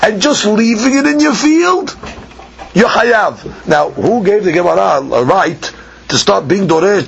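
A man teaching a Talmud lesson, chanting the text in a sing-song and then explaining it quickly, asking and answering his own questions. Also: high-pitched, vocal fry, fairly bright tone, slight background noise. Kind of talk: Talmud lecture. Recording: dull lo-fi podcast recording with faint ambience.

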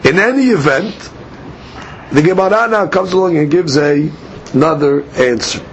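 A man's voice: a little high, expressive, moderate pace, gravelly, slight background noise. A man teaching a study class, explaining step by step and posing and answering his own questions.

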